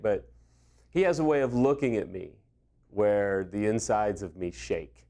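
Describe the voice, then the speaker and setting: A man's voice: fairly low pitch, normal speed, a little mellow. A middle-aged man speaking as a recovery coach, giving earnest, conversational advice and acting out bits of dialogue. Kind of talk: direct-to-camera advice talk.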